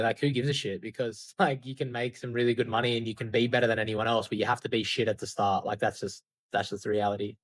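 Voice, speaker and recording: A man who founded an outbound sales agency speaks as a guest on a podcast, chatting loosely and candidly in a casual interview, with the occasional curse and lots of "like." His pitch is an ordinary middle range, and the recording is close and dry without any room sound.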